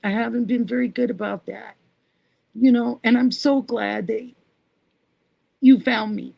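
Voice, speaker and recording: A fairly high, steady voice with a creaky texture, dark tone, and breathy edge comes from a middle-aged woman at a measured pace. Hosting a casual livestream, she warmly reads comments and names her viewers, and there's no echo.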